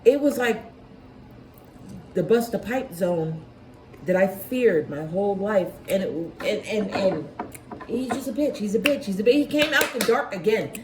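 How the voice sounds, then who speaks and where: In a noisy, echoey room, a woman with a mid-range, expressive voice tells a heated personal story at an unhurried pace. Chatting casually, she swears a lot and keeps restarting her sentences, agitated throughout.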